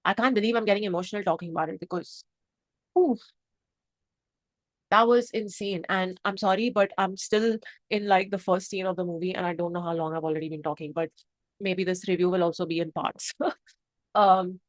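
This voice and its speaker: A woman's voice: fairly low pitch, fairly even intonation, brisk, pauses often, dry recording. A woman from India, reviewing a film to camera in a passionate, emotional, rambling way. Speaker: movie reviewer. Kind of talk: unscripted review chat to camera.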